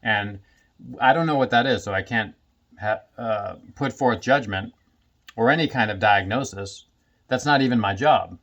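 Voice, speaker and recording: A man's voice: fairly low pitch, moderate pace, a bit bright, muffled recording. A man who works as a somatic healing practitioner, talking casually to camera and often laughing between his phrases.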